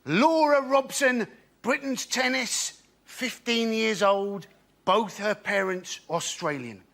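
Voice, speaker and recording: A man's voice: high-pitched, takes it slowly, a bit bright. A man delivering sarcastic stand-up on a panel show, full of rhetorical questions. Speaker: comedian panelist.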